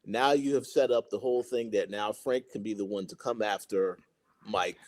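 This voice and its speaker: A man's voice: lowish voice, moderate pace, darkish tone. A man co-hosting a casual TV recap chat, giving his reading of the plot and guessing what comes next. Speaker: podcast co-host.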